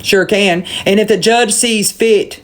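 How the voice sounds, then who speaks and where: Southern woman livestreamer, heated profane rant into a phone, medium pitch, blunt and repetitive. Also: fairly even intonation, measured pace. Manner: profane, blunt, repeats points for emphasis.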